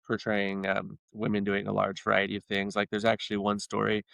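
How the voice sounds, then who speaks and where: A man's voice: fairly low pitch, monotone, fairly quick, creaky, a bit bright, dry recording. A man, a podcast guest, retelling stories in a rambling, casual way with many restarts. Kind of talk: casual storytelling chat.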